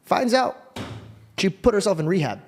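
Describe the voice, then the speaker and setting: A man's voice: high voice, sing-song, normal speed. A man hosting a conversation, telling a personal story in a casual, earnest way, with frequent swearing. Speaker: podcast host.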